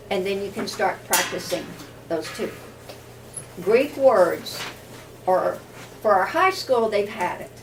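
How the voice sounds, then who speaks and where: A woman's voice: mid-range voice, a little hiss or hum. A woman teaching a workshop in a classroom, speaking informally with many fillers and restarts. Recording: distant room recording with faint ambience.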